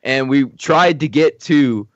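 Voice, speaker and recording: A man's voice: mid-range voice, slow pace, no echo, dull audio. A man from Texas, a podcast guest, telling a long casual story with lots of "like" fillers and frequent chuckles. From Texas, USA. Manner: rambling, many "like" fillers, chuckles often.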